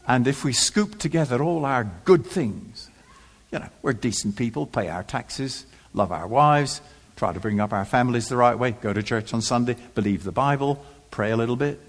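A man's voice: medium pitch, animated, moderate pace. A man preaching a sermon in church, emphatic and rhetorical, repeating phrases for effect with touches of dry humor.

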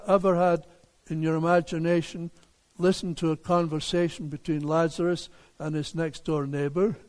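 An older man, a pastor, preaching a sermon in a deliberate, emphatic way, with rhetorical questions for the congregation. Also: fairly high pitch, a little mellow. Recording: long hall reverb.

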